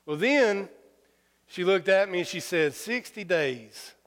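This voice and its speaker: A man preaching a sermon through personal stories, folksy and humorous, halting with fillers. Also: high-pitched, lively intonation, a bit bright, clean tone. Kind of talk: sermon storytelling. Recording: long hall reverb.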